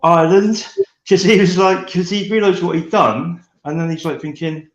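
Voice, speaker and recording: A man chatting casually, telling stories in a rambling, animated way with lots of restarts. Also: high-pitched, moderate pace. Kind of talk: casual chat. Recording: dull lo-fi echoey room.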